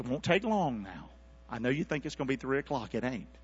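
A man preaching a sermon, calling out to the congregation and swinging from near-whispers to shouts. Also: medium pitch, big pitch swings, brisk, slightly rough, long reverb tail, muffled recording. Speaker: pastor. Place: church sanctuary.

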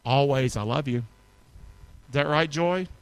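A middle-aged male pastor preaching a sermon to his congregation, calling for responses and swinging between loud peaks and soft asides. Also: medium pitch, a little slow, smooth. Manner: call-and-response preaching, rising to shouts then dropping soft. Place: church sanctuary with congregation.

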